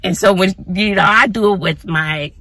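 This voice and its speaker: Chatty woman, bright husky voice. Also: medium pitch, moderate pace, dry recording. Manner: chatty, animated, addresses viewers as y'all. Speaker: vlogger, teacher living in her car. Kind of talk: casual vlog talk to camera. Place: in or near her car outdoors in sun.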